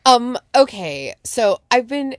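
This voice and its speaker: A woman co-hosting a casual chat about a TV show, swinging into high mock quotes of dialogue. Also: big pitch swings, slow pace, dry recording, studio quality. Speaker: podcast co-host.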